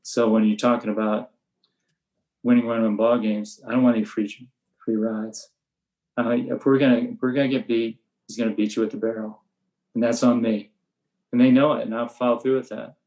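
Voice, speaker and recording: An older man and veteran baseball coach talks through his practice methods in a relaxed interview, matter-of-fact, and now and then he acts out the blunt lines he says to his players. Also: mid-range voice, brisk, rough recording. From USA. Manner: flat, matter-of-fact storytelling, acting out his own sharp coaching lines. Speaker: high school baseball coach.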